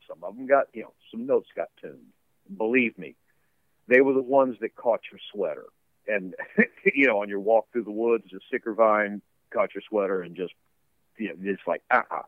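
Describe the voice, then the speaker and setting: A man's voice: lowish voice, normal speed, no echo, phone-quality sound. A man talking casually as a musician guest in an interview, rambling with lots of fillers and laughs. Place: home basement studio.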